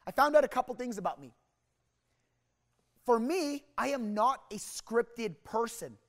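A young man from Canada speaks at a sales rally with a high voice. He tells his story with energy and rambling restarts, acting out the voices of the people in it. Long reverb from the hall trails after his words. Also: lively intonation, unhurried. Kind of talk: motivational storytelling talk.

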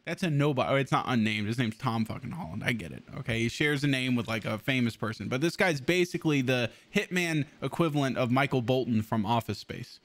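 Excitable man streaming a game. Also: mid-range voice, fast talker, hardly any pauses. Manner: excitable, swears a lot, laughs often. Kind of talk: casual gameplay commentary.

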